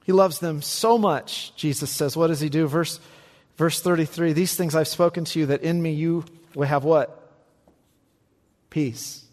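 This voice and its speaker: A male pastor delivering a sermon, swinging between emphatic raised peaks and quiet, low passages. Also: unhurried, big-room sound. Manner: animated preaching, rising to emphatic peaks and dropping low.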